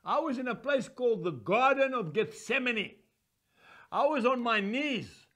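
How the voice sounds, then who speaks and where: An older man voicing Jesus as a gentle, anguished man, speaking slowly and earnestly. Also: very high voice, lively intonation, pitched above the performer's own voice, heavily acted.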